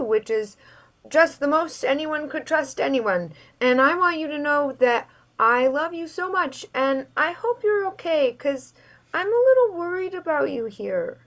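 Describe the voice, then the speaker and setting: A woman's voice: sits high, fairly bright tone, pitched above the performer's own voice. A woman voicing a tiny, affectionate, cheese-loving creature in a tabletop game, earnest and a little hesitant.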